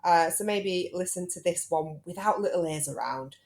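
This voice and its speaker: Low-voiced British woman in her thirties, chatty podcast host who teases her guest. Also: moderate pace, a little mellow. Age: 30s. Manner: chatty and teasing. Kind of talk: casual chat.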